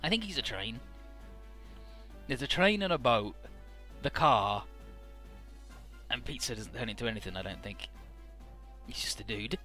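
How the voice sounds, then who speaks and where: Bright-voiced man recapping a game story. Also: medium pitch, animated, measured pace, long pauses, faint music behind. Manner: offhand, profane, amused retelling with many "uh"s.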